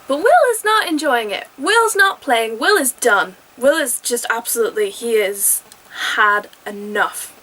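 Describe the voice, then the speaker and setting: A young woman with a higher-pitched voice talks through a TV episode review in a casual, chatty vlog. She is animated and exclaims often, jumping between excited outbursts and quick asides. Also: slight background noise, rough recording.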